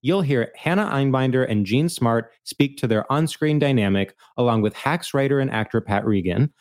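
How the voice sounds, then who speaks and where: A man's voice: medium pitch, moderate pace, a little mellow. Male ad announcer, scripted read.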